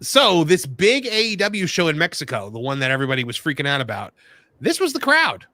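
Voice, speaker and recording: Lively, bright-voiced podcast host man. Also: fairly high pitch, a little fast, dry recording. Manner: animated, joking, rambling with fillers. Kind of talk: casual podcast chat.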